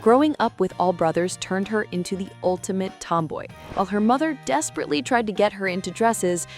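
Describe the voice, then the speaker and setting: A woman narrating a scripted documentary at a mid pitch. She builds suspense with dramatic teasers, pressing on each reveal.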